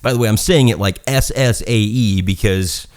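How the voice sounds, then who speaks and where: A man with a Southern accent talks through a review in a loose, rambling way, swearing freely and poking fun at himself. His voice sits a bit low. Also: moderate pace. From South Carolina, US. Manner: rambling, profane, self-mocking, laughs at own jokes. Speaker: gun reviewer. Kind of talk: casual review talk.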